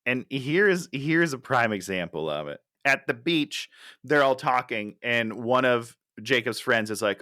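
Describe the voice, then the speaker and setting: A man's voice: medium pitch, animated, normal speed, pushed and bright. A man co-hosting a casual movie podcast, sarcastically tearing into a film's writing. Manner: sarcastic, exasperated critic. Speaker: podcast co-host. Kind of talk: casual film chat.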